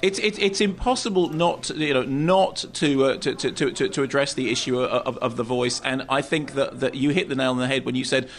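A man talking as a film critic on a radio review show, emphatic and animated, often repeating words as he starts a point. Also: mid-range voice, a little fast, few pauses.

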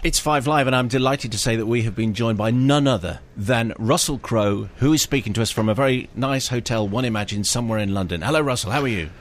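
A man's voice: medium pitch, quick pace, few pauses. A man co-hosting a radio film show, reading listener messages with dry, wry jokes.

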